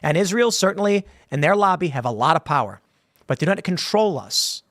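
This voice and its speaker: A man's voice: on the high side, big pitch swings, brisk, a bit bright, dry recording, studio quality. A man hosting a casual commentary show, answering viewer questions in a rambling, conversational way and acting out quotes. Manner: rambling, conversational, with many restarts and acted-out quotes. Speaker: host.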